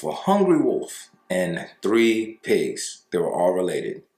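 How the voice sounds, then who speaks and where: A man, a breakup coach, tells a fable as relationship advice in a conversational way, with fillers and slow stressed words. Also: deep voice. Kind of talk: storytelling advice monologue. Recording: roomy sound with faint music.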